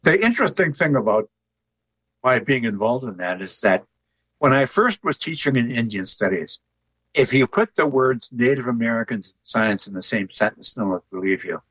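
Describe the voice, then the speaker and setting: An older man, an author and artist, telling stories in a relaxed, anecdotal way during an interview. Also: medium pitch, slightly rough, poor audio. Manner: relaxed anecdotal telling, chuckles at his own jokes. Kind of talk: conversational interview storytelling.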